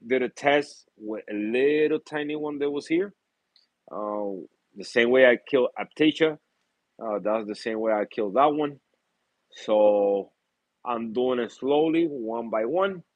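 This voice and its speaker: A man's voice: mid-range voice, no echo, highs cut off. A man in a casual, rambling vlog about his reef tanks, full of fillers, easy laughs and repeated apologies. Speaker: reef tank hobbyist vlogger. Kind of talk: casual chat.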